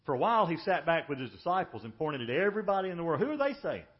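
Emphatic preacher, dull lo-fi audio. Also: male voice, a little high, big pitch swings. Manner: emphatic preaching, drops to hushed, slow lines for weight. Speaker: pastor. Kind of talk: sermon.

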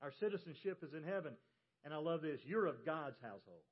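A man's voice: on the high side, animated, brisk, slightly rough. A man from the American South with a Southern accent, preaching a sermon as pastor and telling folksy stories with emphasis. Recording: dull lo-fi church audio.

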